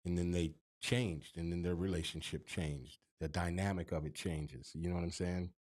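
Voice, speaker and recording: A man's voice: low voice, steady tone, normal speed, a little mellow. A man co-hosting a podcast, talking casually with an emphatic, profane, preachy manner. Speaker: podcast co-host.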